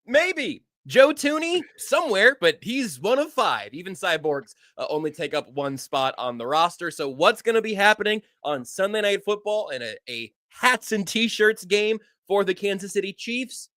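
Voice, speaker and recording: A man hosting a sports podcast, talking quickly with wry, excitable jokes. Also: high-pitched, dry recording, clean studio sound. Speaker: podcast host. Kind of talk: fast, joking sports podcast chat.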